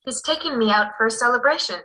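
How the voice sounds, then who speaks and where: An actress speaking lines in a scripted dialogue from a language course, with a bright, quick delivery. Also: female voice, a little high. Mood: cheerful.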